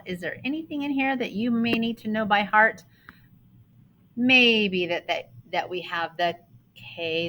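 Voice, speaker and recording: A woman's voice: fairly low pitch, bright, forceful tone, a little hiss or hum, poor audio. A woman teaching a phonics lesson to young children, patiently sounding out words and spelling rules.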